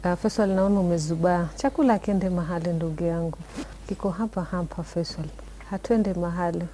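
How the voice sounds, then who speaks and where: Fast-talking woman co-host. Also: on the low side, warm tone, a little hiss or hum. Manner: quick, affirming, poses questions to the guest. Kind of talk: live broadcast chat.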